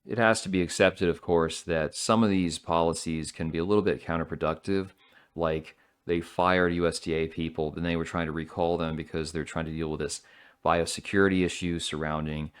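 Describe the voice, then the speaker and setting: A man's voice: deep voice, fairly even intonation, fairly quick, clear, resonant tone. A man giving opinionated solo commentary in a blunt, sardonic, rambling way.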